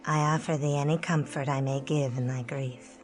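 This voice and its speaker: A woman voicing a sorrowful, courtly female vampire in a game, speaking formally, gently and consolingly in archaic speech. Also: extremely low pitch, steady tone, normal speed, music in the background. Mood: gentle sorrow. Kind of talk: game dialogue.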